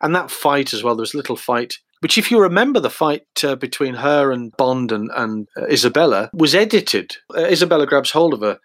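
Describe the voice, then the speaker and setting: Brief: chatty male raconteur, middle pitch, dead-dry mic. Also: expressive, brisk, few pauses, fairly bright tone, dry recording. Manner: rambling, many fillers, acts out quotes. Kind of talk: casual anecdotal chat.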